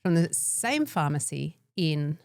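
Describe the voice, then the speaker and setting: A woman's voice: low voice, big pitch swings, slow pace, creaky, no room sound, studio quality. An Australian woman co-hosting a podcast, telling wry, self-deprecating stories in casual chat. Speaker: podcast co-host.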